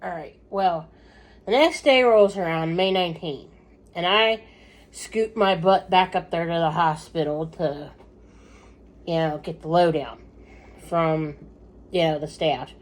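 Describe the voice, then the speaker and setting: A middle-aged woman talking casually to camera in a slightly low voice. She rambles and circles back, with plenty of fillers and side remarks. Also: unhurried, pauses often. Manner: rambling, chatty, many fillers and asides. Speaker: vlogger giving updates on her husband.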